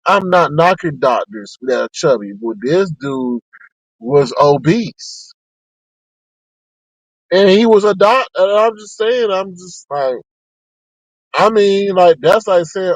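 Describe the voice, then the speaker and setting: Sassy man ranting with wild pitch swings. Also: expressive, slow, long pauses, no echo, poor audio. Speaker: live-stream commentator. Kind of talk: ranting live-stream commentary.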